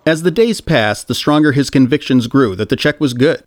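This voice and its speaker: A man reading a story aloud as narrator, in an even storytelling manner. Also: medium pitch, normal speed, no echo, clean studio sound. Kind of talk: audiobook narration.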